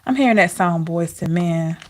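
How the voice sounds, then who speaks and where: A woman's voice: lowish voice, expressive, moderate pace, slight background noise. A woman giving an intuitive tarot reading, emotional and talking straight to her viewers. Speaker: tarot reader.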